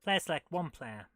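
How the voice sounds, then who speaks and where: A woman's voice: deep voice, a bit bright, no room sound. A woman streaming retro games, thinking aloud as she plays and reacting with amused disbelief. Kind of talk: casual live gameplay commentary.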